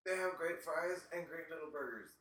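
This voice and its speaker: A man's voice: a little high, moderate pace, a bit bright, echoey room, far from the mic. A man giving advice in a casual chat among friends, hesitating often with "uh" and repeating his words.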